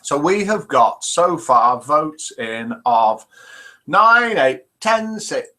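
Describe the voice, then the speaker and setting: Male host, playful and chatty, animated and bright, slightly high voice. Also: slow pace. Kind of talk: live chat show, reading jokes.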